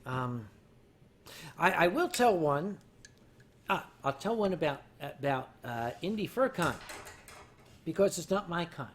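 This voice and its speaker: An older man hosting a livestream, rambling through stories to his chat while drinking, mocking himself and turning loud on the punchlines. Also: a little high, sing-song, unhurried, pauses often, a little hiss or hum. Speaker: livestream host. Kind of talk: casual storytelling to a chat.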